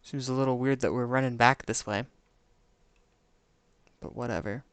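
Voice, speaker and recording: A man's voice: mid-range voice, fairly even intonation, moderate pace, fairly bright tone, smooth, no echo. A man streaming a game live, musing to himself in casual commentary and hunting for the right words.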